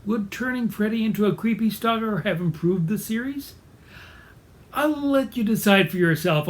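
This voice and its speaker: Wry, bookish man with a high voice. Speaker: presenter. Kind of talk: scripted video essay narration.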